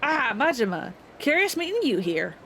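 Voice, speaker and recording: A woman voicing a courtly old male martial arts master with measured, old-fashioned courtesy. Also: sits high, sing-song, a bit bright, a little hiss or hum, heavily acted.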